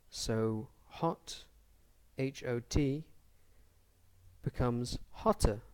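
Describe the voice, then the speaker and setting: A man's voice: medium pitch, darkish tone. A man teaching an English grammar lesson, explaining spelling rules carefully and spelling words out letter by letter.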